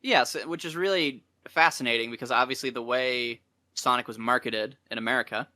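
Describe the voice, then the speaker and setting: Bright, dry-sounding male guest. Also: mid-range voice, fairly quick, no room sound. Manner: thoughtful, hesitant, many fillers. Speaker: guest, co-writer of a retrospective. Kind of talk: casual chat.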